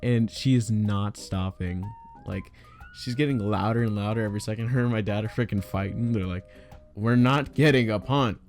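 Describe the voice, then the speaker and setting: A young man telling a casual story to his viewers, excitable and exasperated, tripping over his words and using a lot of slang. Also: lowish voice, a little fast, faint music behind.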